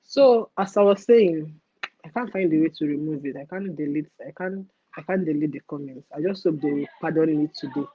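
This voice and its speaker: A young woman with a Nigerian accent hosting a casual livestream rant, animated and mixing in pidgin phrases. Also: low voice, a little fast, breathy edge, no echo, dull audio. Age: young adult. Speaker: livestream host.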